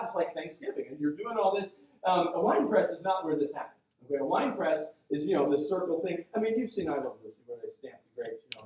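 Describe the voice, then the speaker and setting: A man's voice: high-pitched, muffled recording. A male pastor preaching a sermon in a church sanctuary. He talks in a chatty, conversational way with lots of asides. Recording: very echoey church sound from a distant mic.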